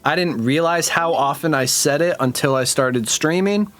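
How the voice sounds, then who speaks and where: A man's voice: fairly high pitch, normal speed, fairly bright tone. A man hosting a casual interview, enthusiastic and slangy, laughing along with his guest. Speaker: interview host.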